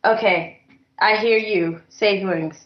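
A woman's voice: mid-range voice, slow pace, lo-fi sound. A woman hosting a casual podcast over an online call, playful and giggly, restarting the intro again and again. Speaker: podcast host.

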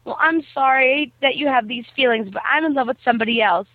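A woman playing a sweet, naive teenage schoolgirl who talks gently and sincerely. The voice is somewhat high and comes through a thin, phone-like channel with a dry sound. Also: quick pace, dry recording, lightly acted. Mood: earnest.

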